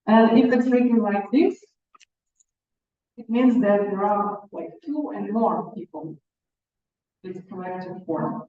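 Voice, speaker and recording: A woman teacher speaks slowly and patiently, repeating words for beginners. Her voice sounds distant from the mic in a roomy space with reverb. The recording is dull and lo-fi. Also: medium pitch. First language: Russian. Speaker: Russian language teacher. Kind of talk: classroom language lesson.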